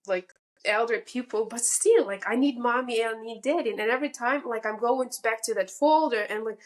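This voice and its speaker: Podcast guest, woman, 30s, slightly high voice, candid and emotional, halting phrasing. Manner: emotional, halting, restarts sentences. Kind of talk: candid interview storytelling.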